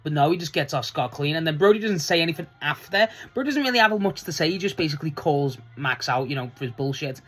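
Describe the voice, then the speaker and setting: A wrestling fan reviewing last night's show in a loose, chatty vlog, swearing freely and laughing often, with the voice jumping up high when excited. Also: quick pace, hardly any pauses. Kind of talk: casual solo review vlog.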